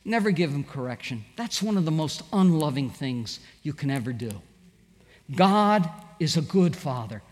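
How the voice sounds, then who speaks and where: A man's voice: fairly high pitch, animated, normal speed, a little mellow, long reverb tail. A middle-aged man preaching a sermon, telling stories animatedly and acting out the quoted voices. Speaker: pastor.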